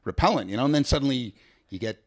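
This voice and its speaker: A middle-aged man from Canada telling animated stories in a casual interview, often trailing off and restarting. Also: mid-range voice, quick pace. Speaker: guest entrepreneur.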